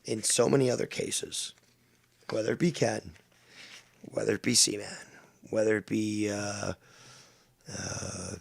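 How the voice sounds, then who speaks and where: A man's voice: on the low side, gravelly, a little mellow, slightly rough. A man hosting a live stream, blunt and sarcastic and swearing often. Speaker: streamer and host.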